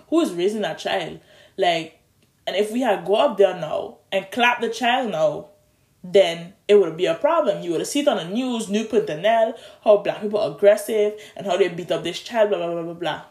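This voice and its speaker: A young adult vlogger, speaking at a middle pitch. The delivery is an animated, colloquial storytime ramble that restarts and stumbles over words. It is recorded on a phone in a roomy space with a noticeable echo. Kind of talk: casual storytime monologue.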